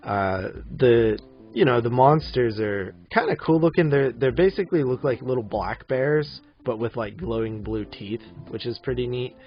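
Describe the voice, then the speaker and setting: A man's voice: medium pitch, normal speed, lo-fi sound, faint music behind. A man in his thirties co-hosting a casual movie podcast, rambling with lots of fillers and easy laughs. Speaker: podcast co-host.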